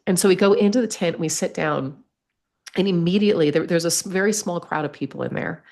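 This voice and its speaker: A woman telling a personal story as a podcast guest, lively, acting out the voices she quotes. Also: on the low side, quick pace. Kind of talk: storytelling in conversation.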